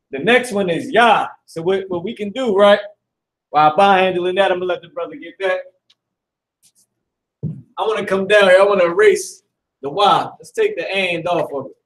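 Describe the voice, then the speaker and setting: A man's voice: high-pitched, rough recording. A man teaching a live class at a board indoors, talking in a loose, slangy, profane way and often repeating himself. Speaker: Hebrew class instructor.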